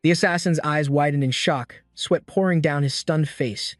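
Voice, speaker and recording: A man narrating a scripted story recap with a steady storytelling delivery. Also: fairly high pitch, moderate pace, few pauses, dry recording, studio quality, soft background music.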